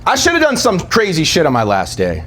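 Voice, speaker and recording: Animated young stand-up comedian, man. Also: fairly quick. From East Coast of the US. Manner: animated storytelling, jumps into high squeaky voices for characters. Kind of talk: stand-up set.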